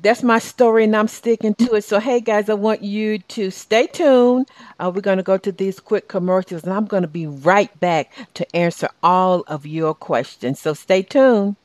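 A woman's voice: medium pitch, normal speed, dry recording. A middle-aged woman with a Southern US accent hosting a talk show, encouraging and full of restarts. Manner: warm, encouraging, with many restarts and fillers. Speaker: radio show host and life coach.

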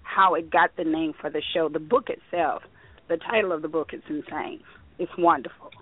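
A woman hosting a live internet radio talk show, bubbly and excitable, laughing often and out of breath. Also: deep voice, moderate pace, husky, no room sound. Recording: phone-line quality, dry.

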